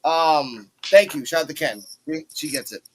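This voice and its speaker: A man hosting a casual wrestling review podcast, talking in an animated way and acting out the wrestlers' lines. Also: fairly high pitch, a little slow, slightly rough, poor audio. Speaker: podcast host.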